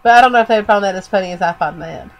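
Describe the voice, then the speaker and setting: A woman's voice: mid-range voice, rapid-fire, lo-fi sound. A woman co-hosting a podcast in casual chat, rambling with many fillers while she is losing her voice from a cold. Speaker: podcast co-host.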